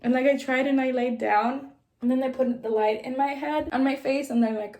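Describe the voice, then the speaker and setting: A woman's voice: on the high side, steady tone, a little fast, darkish tone. A young woman vlogger telling a personal story in casual, filler-heavy speech, acting out what others said. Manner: chatty, filler-heavy, acts out quotes. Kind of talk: casual storytelling during a mukbang. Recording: roomy echo.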